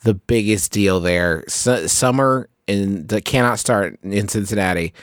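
A man hosting a comedy podcast with his brothers, talking in a rambling, excitable way with many restarts. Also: fairly low pitch, a little slow, dry recording. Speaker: podcast host. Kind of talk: casual comedic chat.

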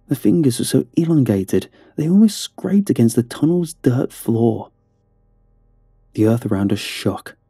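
A man's voice: on the low side, dark tone, slightly rough, no room sound. A man narrating a first-person horror story in a tense, dramatic storytelling manner.

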